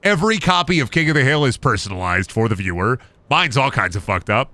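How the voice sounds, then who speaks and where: A man's voice: medium pitch, lively intonation, brisk, bright, forceful tone, no echo. A young man live-streaming a game, rambling goofily and joking as he plays. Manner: goofy, rambling, sings and jokes. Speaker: gaming streamer. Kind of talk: casual live-stream commentary.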